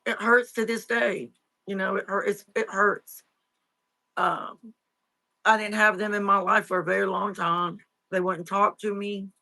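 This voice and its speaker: A middle-aged woman, an interview guest, telling her life story in a halting, tearful way with many fillers and restarts. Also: medium pitch, fairly even intonation, bright, forceful tone. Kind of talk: emotional personal storytelling.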